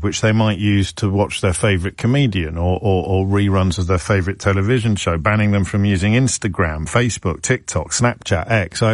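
Male radio host, brisk, interrupting, dry studio mic. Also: fairly low pitch, a little mellow, no echo. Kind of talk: talk radio phone-in. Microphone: studio microphone.

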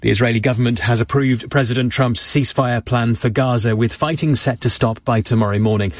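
A man reading radio news headlines in a measured, formal way. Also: medium pitch, steady tone. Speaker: newsreader.

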